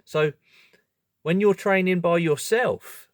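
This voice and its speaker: A man hosting a video, explaining in a casual monologue, animated and self-correcting, often breaking into laughter. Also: high voice, takes it slowly, no room sound, studio quality. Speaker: video host.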